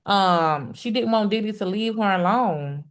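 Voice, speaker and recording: On her informal stream commenting on a trial, a woman with a medium-pitched voice chats with her audience directly. She's exclamatory and talkative, and she keeps hesitating on "um" and beginning again.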